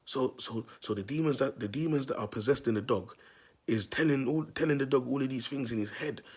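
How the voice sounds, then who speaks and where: A man's voice: medium pitch, fairly quick, husky. A man telling a long story to his viewers in street slang, repeating himself and calling out to them as people. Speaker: self-styled prophet vlogger. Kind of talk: rambling storytelling monologue.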